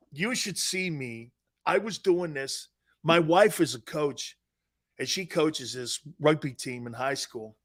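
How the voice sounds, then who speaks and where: A middle-aged man hosting a sports talk show, telling self-mocking stories in a lively, animated way. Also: on the high side.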